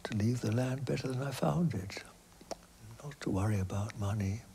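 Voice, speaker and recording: An older man giving reflective interview answers, halting and hesitant with many restarts, often dropping to a soft, near-whispered delivery. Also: medium pitch, creaky, slight background noise.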